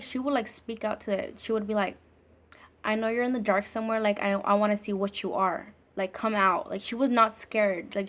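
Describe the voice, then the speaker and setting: Woman doing a storytime vlog, super casual, says like constantly, swears a lot, medium-pitched voice. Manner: casual and profane, heavy use of filler "like". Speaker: vlogger.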